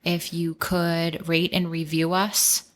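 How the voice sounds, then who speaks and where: A woman co-hosting a podcast in casual chat, reading out thank-yous and announcements in an even, laid-back way. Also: lowish voice, takes it slowly. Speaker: podcast co-host.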